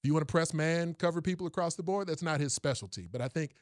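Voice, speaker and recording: A man's voice: fairly high pitch, quick pace, no room sound, clean studio sound. Analytical man breaking down football. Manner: analytical, detailed, repeats words when starting. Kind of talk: casual sports chat.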